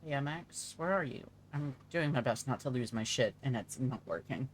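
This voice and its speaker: A frazzled young man texts his friend, blunt and casual as he admits he's falling apart, voiced by a man reading aloud. The pitch is ordinary, with a faint hum in the background. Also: expressive, normal speed, natural voice.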